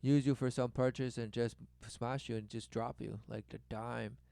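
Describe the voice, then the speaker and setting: A man giving rambling commentary on a video, swinging from loud exclamations to low muttering and repeating words over and over. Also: fairly even intonation, normal speed, gravelly, no room sound. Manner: repetitive, breathless wordplay. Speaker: commentator reacting to a documentary.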